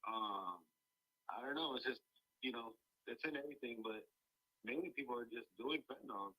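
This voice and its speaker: Calm, husky-voiced male guest. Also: mid-range voice, normal speed, poor audio. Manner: calm, laid-back, short answers. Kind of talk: casual chat. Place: outdoors on a balcony.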